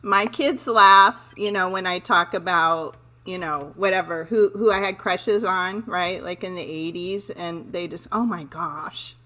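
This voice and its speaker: A woman's voice: on the low side, measured pace, few pauses, pushed and bright. A woman from California with a lisp from new braces, giggly and easygoing as a guest on a video call. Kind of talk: casual group chat on a live stream.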